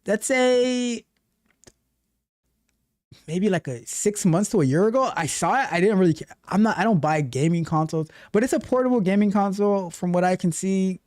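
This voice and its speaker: A man hosts a relaxed tech livestream and chats with his viewers. His voice sits a bit high and moves in an animated, repetitive way. The sound is dry and close. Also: moderate pace, no echo. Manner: animated, repeats himself, reads chat aloud. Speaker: livestream host and tech coach. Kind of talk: casual livestream chat.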